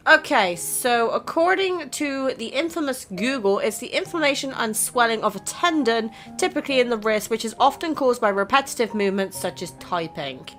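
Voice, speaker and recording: A woman's voice: fairly high pitch, animated, moderate pace, hardly any pauses, fairly bright tone, soft background music. A woman hosting a casual game playthrough, chatting, reacting and reading the story aloud. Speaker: gaming channel host.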